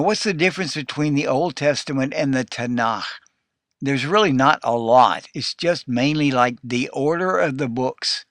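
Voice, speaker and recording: A man teaching a recorded Hebrew class, explaining plainly and slowing down to sound out Hebrew words. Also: mid-range voice, a bit bright, no echo, clean studio sound. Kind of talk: recorded lesson.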